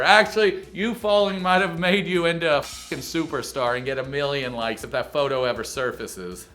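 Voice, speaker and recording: A man hosting a comedic reality TV recap, talking in an animated, crude, joking way. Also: on the high side, moderate pace, few pauses, soft background music. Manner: animated, crude jokes, mocking impressions.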